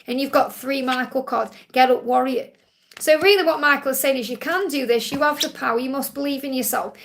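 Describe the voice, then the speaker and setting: A high-pitched woman with a gravelly edge hosts a live card-reading stream. She reads out viewers' questions, passes on messages and reassures each one, often ending with "okay?". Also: a bit bright. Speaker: psychic card reader.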